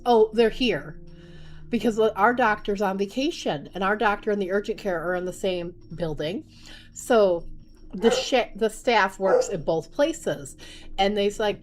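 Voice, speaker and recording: A young woman, a mother of small kids, telling a casual storytime vlog in a chatty, animated way and laughing often. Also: mid-range voice.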